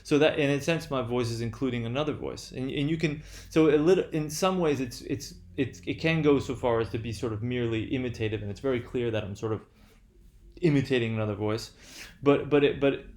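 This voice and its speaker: A man's voice: mid-range voice, fairly quick, a little mellow. Guy lecturing, lots of ums and restarts, switches french to english. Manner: hesitant, many fillers and restarts.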